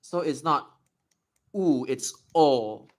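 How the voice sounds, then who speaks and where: A young man streaming live, casually answering viewer questions in a chatty, explanatory way and slowly stretching out words to demonstrate them. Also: on the high side, animated, darkish tone.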